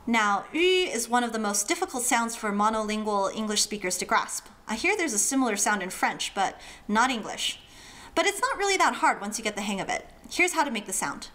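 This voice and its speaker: A woman's voice: fairly high pitch, sing-song, fairly quick, sharp tone. Playful woman teaching pronunciation. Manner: playful, demonstrates sounds with funny imitations. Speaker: language teacher. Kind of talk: friendly explainer lesson.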